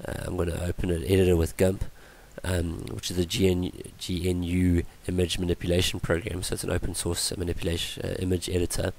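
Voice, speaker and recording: Guy with a deep flat voice doing a coding tutorial, sick and losing his voice, lots of ums. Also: gravelly. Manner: halting, many ums and restarts. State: voice going from illness. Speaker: tutorial presenter. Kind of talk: screen-recorded coding tutorial.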